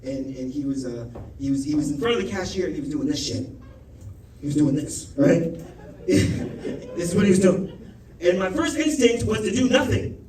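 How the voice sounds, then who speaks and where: High-voiced comedian telling a profane story. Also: male voice, lively intonation, moderate pace, a little mellow, slight background noise. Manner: loose, profane, conversational storytelling with asides. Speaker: stand-up comedian. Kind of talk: stand-up storytelling. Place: comedy club stage with a laughing audience. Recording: echoey club recording from a distance, crowd laughter.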